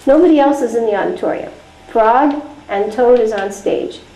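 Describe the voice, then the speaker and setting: A woman teacher telling a story and giving practical instructions in a chatty, animated way during a teacher training class. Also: on the high side, moderate pace. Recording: echoey room with faint noise.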